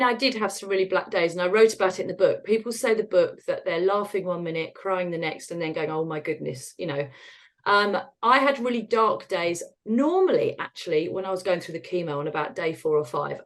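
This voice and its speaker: A woman's voice: fairly low pitch, fairly quick. Lady in her 50s, podcast guest, candid, self-deprecating, laughs at the grim stuff. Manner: frank and self-deprecating, laughs at dark moments. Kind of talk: candid conversational storytelling.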